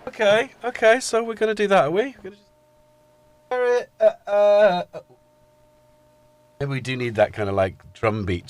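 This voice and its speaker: A middle-aged man hosting a live stream, chatting casually and greeting his viewers by name. His pitch jumps around a lot, up and down. The sound is close and dry, with no room echo. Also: lively intonation, moderate pace, long pauses, soft background music. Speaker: livestream host.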